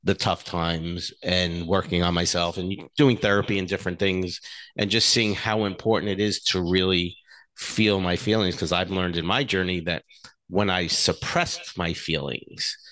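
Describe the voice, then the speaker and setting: A middle-aged man with a very low, deep voice co-hosts a casual relationship talk. He speaks earnestly and frankly, drifting into personal stories and swearing now and then. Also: steady tone, moderate pace, fairly bright tone. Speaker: podcast co-host.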